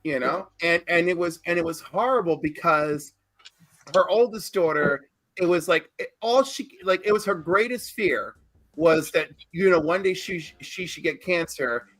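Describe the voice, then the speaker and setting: A man's voice: fairly high pitch, normal speed, a bit bright, no room sound. A man in casual podcast chat, telling a long personal story in a rambling, earnest way and swearing freely. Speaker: podcast co-host.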